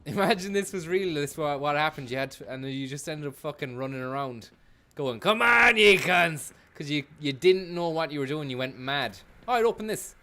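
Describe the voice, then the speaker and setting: A man's voice: fairly high pitch, a little fast, hardly any pauses. Sweary man streaming a game. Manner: sweary, joking, bursts into shouts. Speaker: gaming streamer. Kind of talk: live gameplay commentary.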